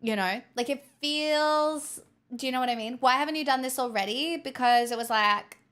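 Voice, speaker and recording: A woman's voice: high voice, moderate pace, a bit bright, clean tone. A young woman streamer chatting casually with her viewers, giggly and rambling. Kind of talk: casual live-stream chat.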